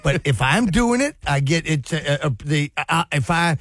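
A man co-hosting a casual radio show, teasing with quick asides. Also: fairly high pitch, expressive, a bit bright. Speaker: radio co-host.

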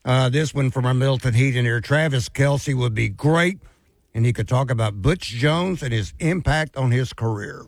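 Gravelly man reading listener messages. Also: mid-range voice, normal speed, no echo. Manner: reads listener messages aloud, chatty. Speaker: sports radio co-host. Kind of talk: casual sports talk radio.

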